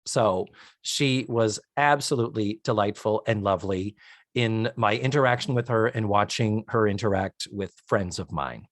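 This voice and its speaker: A man's voice: on the low side, moderate pace, no room sound, clean studio sound. A man co-hosting a podcast, chatting casually and enthusiastically as he recaps a TV episode in detail. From United States. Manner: animated, enthusiastic, detailed describing. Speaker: podcast co-host.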